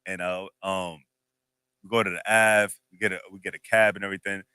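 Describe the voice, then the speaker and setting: A man co-hosting a podcast, telling a story in a loose, animated, slangy way with lots of laughs. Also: low-pitched, brisk, clear, resonant tone, no echo. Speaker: podcast co-host. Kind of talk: casual chat, storytelling.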